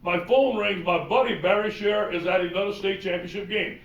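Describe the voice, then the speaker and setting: Cajun coach, male, high voice, animated storyteller acting out quotes, in an echoey room heard from across it. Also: moderate pace, dull audio. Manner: animated, acts out quoted dialogue. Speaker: football coach giving a presentation. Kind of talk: motivational storytelling talk. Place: presentation room. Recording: roomy hall, mic from far off.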